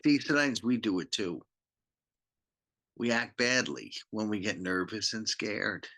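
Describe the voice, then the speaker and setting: Animated pastor telling a children's Bible story, slow and bright. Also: male voice, fairly low pitch. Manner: animated, slow, acts out the characters.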